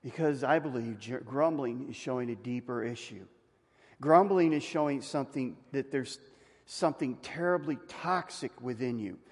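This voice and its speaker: A male pastor preaching a conversational sermon, asking the congregation questions and rising to loud emphatic peaks. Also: medium pitch, normal speed, slightly rough. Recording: long reverb of a hall.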